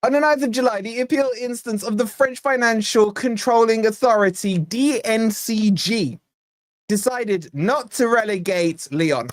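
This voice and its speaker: A man's voice: sits high, unhurried, no echo. A man putting on a pompous, posh official voice to read out a formal statement. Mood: mock-formal. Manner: formal, over-enunciated reading.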